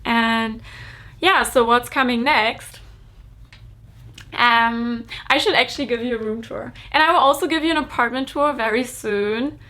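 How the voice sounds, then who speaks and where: A woman's voice: a little high, a little slow, bright, forceful tone. A young woman giving a casual, emotional vlog update, chatty and full of fillers. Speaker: fashion vlogger and brand founder.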